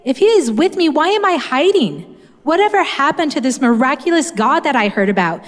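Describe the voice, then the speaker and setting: A woman's voice: high-pitched, expressive, brisk, voice pushed up. A woman preacher voicing a doubting young man who hides in despair and pleads with incredulous questions. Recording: long hall reverb.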